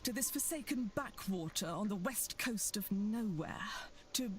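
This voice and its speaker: A woman's voice: medium pitch, animated, natural voice. A woman voicing a brooding vengeful widow. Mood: resolved. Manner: slow, measured, brooding delivery. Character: bitter widowed woman haunted by her husband. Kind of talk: video game voice acting. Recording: game audio with music behind.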